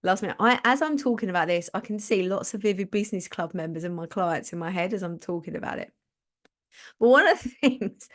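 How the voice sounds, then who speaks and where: A chatty woman gives casual motivational talk on a live stream. Her voice sits at a middle pitch, and she laughs often as she plays out little quotes. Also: expressive, brisk. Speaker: podcast host and business coach.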